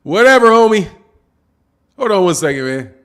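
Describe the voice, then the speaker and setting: A man's voice: high-pitched, very animated, normal speed, fairly bright tone. A man hosting a boxing channel, chatting casually to his live chat in slang, repeating himself for emphasis. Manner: slangy, repetitive, talks to chat. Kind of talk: casual livestream commentary.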